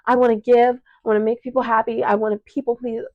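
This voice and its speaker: A teen girl hosting a podcast, with a Chicago accent, vents fast in a slightly high, flat-delivered woman's voice, choked up, breathless and swearing in a raw, emotional monologue. The clip-on mic on her shirt makes a dry recording with the highs cut off.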